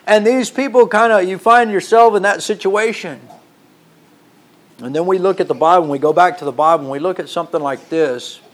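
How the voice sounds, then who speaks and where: Dramatic preacher, slightly high voice. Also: male voice, a little fast. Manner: dramatic, swings from loud emphasis to hushed tones; rhetorical questions, repeats words for emphasis. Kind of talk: sermon.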